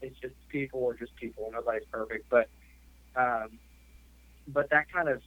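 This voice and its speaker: A man's voice: mid-range voice, fairly even intonation, moderate pace, no room sound, phone-quality sound. A man hosting a podcast, telling a story in casual chat and rambling with lots of "like" and "you know.". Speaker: podcast host.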